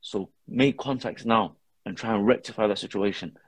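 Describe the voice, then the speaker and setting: At a moderate pace, the dad who posts videos with his daughter relates a sincere story in casual podcast conversation, his speech laced with Arabic religious phrases. His voice is lowish and slightly rough, and the audio has no echo.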